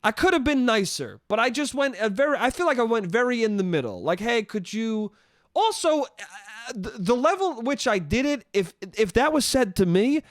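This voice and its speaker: High-voiced man ranting, comedy podcast. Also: sing-song, fairly quick, no echo, studio quality. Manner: profane, exasperated ranting. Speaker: podcast host. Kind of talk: comedic solo storytelling.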